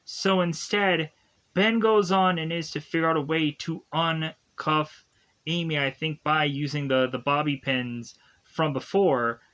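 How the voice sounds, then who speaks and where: A man with a slightly high voice walks through a movie's plot at an unhurried pace. He rambles in a casual, filler-laden way, like a reviewer thinking aloud. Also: fairly bright tone. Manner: rambling, filler-heavy retelling with many "like" and "is to go on". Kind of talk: casual spoken plot recap.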